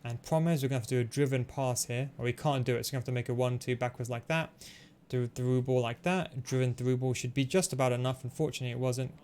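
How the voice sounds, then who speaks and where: A man giving fast, analytical play-by-play commentary over his own football video game match, explaining tactics with frequent fillers. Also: mid-range voice, steady tone, darkish tone, a little hiss or hum. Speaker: gaming tutorial host. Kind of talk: gameplay commentary.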